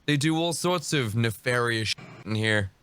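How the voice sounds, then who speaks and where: A man's voice: mid-range voice, expressive, normal speed, fairly bright tone, smooth, dry recording. A man streaming reaction commentary, mocking and sarcastic, dropping profanity as he talks over a video.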